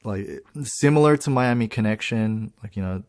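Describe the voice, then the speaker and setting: A man co-hosting a podcast, chatting in an animated way with laughs and restarts. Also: fairly low pitch, normal speed. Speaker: podcast co-host. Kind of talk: casual chat. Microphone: podcast microphone.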